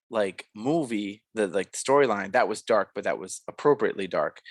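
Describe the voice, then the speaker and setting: A man's voice: fairly low pitch, fairly bright tone, dry recording. A young man co-hosting a podcast, reviewing a film in a rambling, casual way full of fillers and restarts. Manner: rambling, filler-heavy, self-correcting. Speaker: podcast co-host.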